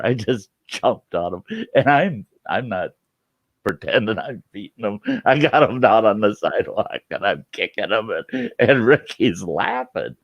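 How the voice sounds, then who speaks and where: A man telling a funny story in casual chat, animated, laughing often and swearing freely. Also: on the low side, no room sound.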